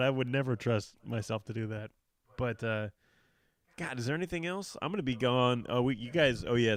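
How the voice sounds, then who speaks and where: A man who does stand-up comedy, co-hosting a casual podcast chat, rambling through stories with lots of fillers and swearing. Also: fairly low pitch. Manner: rambling storyteller, heavy fillers, profane.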